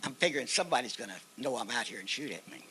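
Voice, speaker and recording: A man's voice: medium pitch, animated, racing, pushed and bright, a little hiss or hum, low-quality recording. An older man with an Oklahoma accent, telling a personal war story at an outdoor ceremony in a folksy way, acting out the voices in it. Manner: folksy storyteller, acts out quoted dialogue. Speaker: guest speaker, veteran. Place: outdoor park memorial ceremony.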